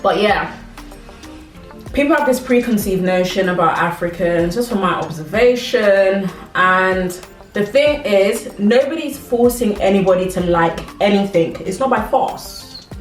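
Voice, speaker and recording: Recorded from a distance in an echoey room with faint background music, this young woman from Britain talks at a measured pace in a mid-range voice. As a vlogger doing a relaxed mukbang, she eats, chats to camera and laughs frequently.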